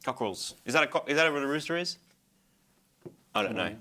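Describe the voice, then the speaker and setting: A man co-hosting a casual car podcast, enthusiastic and quick to blurt out reactions. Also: fairly high pitch, big pitch swings, noisy background. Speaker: podcast co-host. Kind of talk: casual banter.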